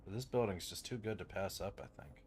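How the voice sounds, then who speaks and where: A man's voice: sits low, fairly quick, darkish tone. A young man casually commenting on his strategy game, rambling and swearing, with lots of fillers. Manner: rambling, profane, full of fillers. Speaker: game streamer.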